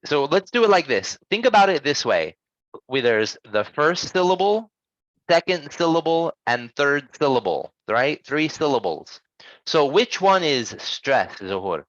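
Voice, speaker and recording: A man runs a pronunciation lesson and patiently corrects his students. He models each sound slowly and clearly. The recording is dull and lo-fi, and very dry. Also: fairly high pitch, sing-song, fairly bright tone, no room sound. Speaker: English pronunciation teacher. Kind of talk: online language lesson.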